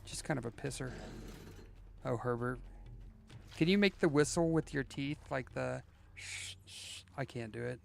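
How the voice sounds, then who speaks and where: A man streams a game in an unhurried, creaky, medium-pitched voice, leaving long pauses against slight background noise. His casual chat rambles along with lots of "like" and "you know," punctuated by playful sing-song bits.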